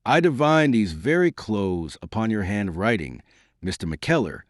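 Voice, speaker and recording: A man voicing a suave, mocking gentleman with a cool, cutting, unhurried manner. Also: lowish voice, sing-song, dry recording, clean studio sound.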